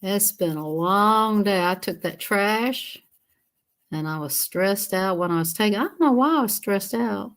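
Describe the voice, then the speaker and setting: Brief: woman streamer, chatty and giggly, mid-pitched, talks to her chat. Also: animated, unhurried. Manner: chatty, laughs often, greets viewers. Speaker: livestream host. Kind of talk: casual livestream chat while coloring.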